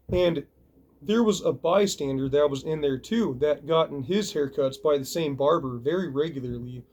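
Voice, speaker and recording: Man, casual vlog story, animated, punch sound effects, fairly high voice. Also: normal speed. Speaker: video reviewer.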